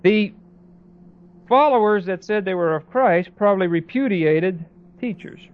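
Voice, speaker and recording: A man preaching a Bible sermon in a conversational way, with many pauses and restarts, as a pastor. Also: sits high, expressive, narrow, tinny audio.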